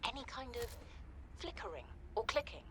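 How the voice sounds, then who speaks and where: A curious young castaway. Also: female voice, a little high, moderate pace, background noise. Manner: lively, inquisitive questioning. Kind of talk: video game dialogue.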